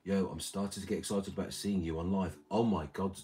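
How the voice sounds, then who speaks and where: A man's voice: low-pitched, fairly quick, few pauses. A man reading out and answering chat on a livestream, rambling with crude, mumbled banter. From Britain. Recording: streamer mic with loud music behind. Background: music playing.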